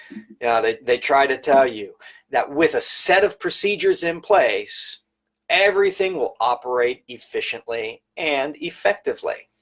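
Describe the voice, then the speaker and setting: A man's voice: medium pitch, a bit bright. A middle-aged man giving a live-streamed talk as an educator, telling workplace stories in a conversational, emphatic storytelling manner. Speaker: private service educator.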